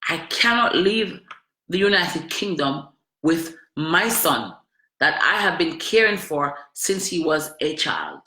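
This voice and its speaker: A woman pours out a personal story to camera, emphatic and chatty, circling back on her phrases. Her voice is bright and forward, and the room around her rings with echo. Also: sits low, sing-song, slow pace. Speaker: vlogger telling her own story. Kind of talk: emotional personal testimony to camera. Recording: echoey room.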